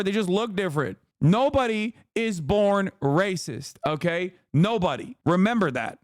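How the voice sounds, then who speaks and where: Streamer guy ranting and swearing, kinda high voice, dry close sound. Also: no echo. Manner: profane, animated ranting. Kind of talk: casual reaction commentary.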